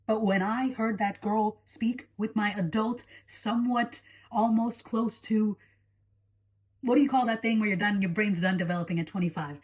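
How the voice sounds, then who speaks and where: A woman's voice: mid-range voice, steady tone, normal speed, a little mellow. A woman in her twenties with American-leaning English, chatting casually and playfully to the camera as a vlogger. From India. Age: 20s. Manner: chatty, playful, mock voices for jokes.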